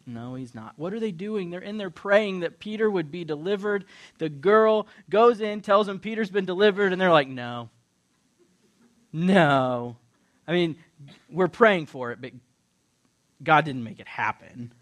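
A middle-aged man preaching with a lot of energy, his voice sitting a little high. He tells the story playfully, slipping into quick voices for each character and stopping to joke with his listeners. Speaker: pastor or Bible teacher. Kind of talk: lively sermon retelling a Bible story.

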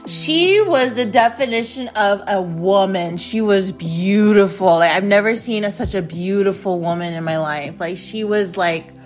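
A woman's voice: medium pitch, a little slow, few pauses, faint music behind. A woman in her late twenties hosting her podcast, telling frank, casual stories about her freshman year and swearing freely. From United States. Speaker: podcast host. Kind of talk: casual solo storytelling.

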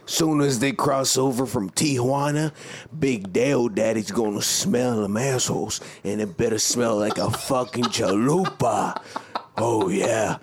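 A man putting on the voice of a crude, swaggering big man who boasts slowly. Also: medium pitch, husky, pitched below the performer's own voice. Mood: boastful.

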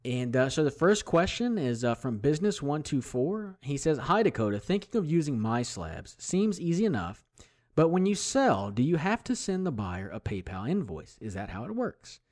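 A man's voice: a little high, sing-song, moderate pace, a little mellow. A man hosting a solo hobby podcast, talking in a chatty, rambling way with plenty of fillers and restarts. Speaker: podcast host. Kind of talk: casual solo podcast talk.

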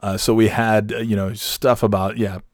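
A man's voice: on the low side, level tone, normal speed, no room sound, clean studio sound. A man telling a personal story in a casual, rambling way, swearing freely and often restarting his sentences. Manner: rambling, profane, with many restarts. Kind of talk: casual anecdote.

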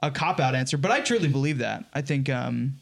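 A man's voice: mid-range voice, animated, brisk, vocal fry. A man co-hosting a podcast in casual chat, thoughtful and rambling, laughing often. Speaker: podcast co-host.

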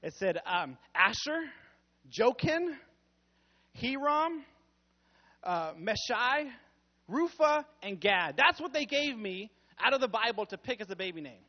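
A young pastor with a notably high voice delivers a casual, joking sermon in a church. He laughs easily and throws himself into loud quoted lines. The recording sounds dull and muffled. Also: big pitch swings, a little slow. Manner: playful, jokey, laughs often, acts out quotes loudly.

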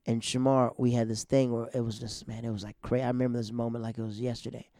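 A man in his thirties with a mellow, warm voice tells a personal story in a casual, rambling way. His words are loose and full of slang fillers. He drops almost to a whisper when quoting people, and the sound is dry and close. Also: medium pitch, flat delivery, quick pace, dry recording.

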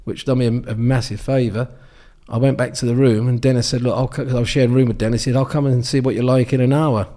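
A man's voice: mid-range voice, fairly even intonation, fast talker, hardly any pauses, dark tone. An English man in his sixties, a guest telling rambling anecdotes with many ums and restarts in a casual interview. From England. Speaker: guest, former darts champion.

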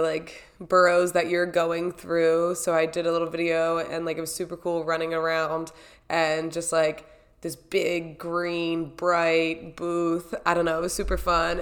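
A young woman tells her story in a loose, chatty vlog recap. Her voice sits a little low for a woman, and she rambles from one moment to the next. She acts out her own reactions as she goes. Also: a bit bright.

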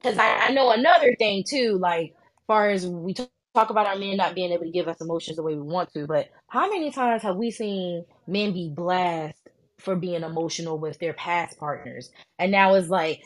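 A woman co-hosting a podcast in casual chat, animated, jokey and dramatic. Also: fairly low pitch, normal speed. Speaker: podcast co-host.

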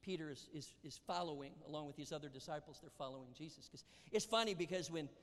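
A man preaching a sermon, animated, acting out Bible dialogue and dropping to whispers. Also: fairly high pitch, fast. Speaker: pastor. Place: church sanctuary. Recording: long hall reverb.

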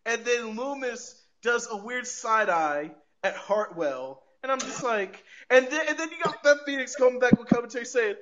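Podcast host, male, high-pitched, excitable and profane, casual recap delivery, muffled lo-fi sound. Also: normal speed, hardly any pauses, a little hiss or hum. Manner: animated, profane, repeats words, laughs often. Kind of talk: casual wrestling recap chat.

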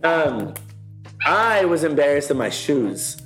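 Young male podcast co-host, slightly high voice, relaxed and reactive, throws in bro often. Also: soft background music. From Texas. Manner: relaxed, quick reactions, says bro a lot. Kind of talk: casual chat.

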